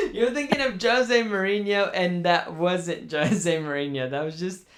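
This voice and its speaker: A man's voice: high-pitched, a little slow, over a noisy crowd. Rambling young man, swearing as he vents. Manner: rambling, profane, mock-mournful. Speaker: podcast host. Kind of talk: casual chat.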